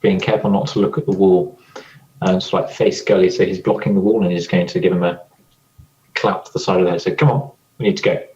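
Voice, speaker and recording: A man playing a tabletop game, describing his character's actions in a halting way that repeats words. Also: deep voice, flat delivery, dark tone. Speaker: player. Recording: dull lo-fi recording.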